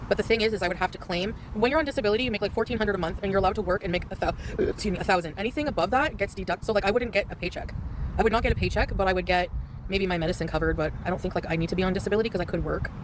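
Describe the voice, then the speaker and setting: A woman rambles through an outdoor livestream from her scooter, complaining about feeling sick and often restarting her sentences. She talks at a rapid clip. Traffic and city noise run loudly behind her. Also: mid-range voice. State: nauseous. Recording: clip with loud street noise.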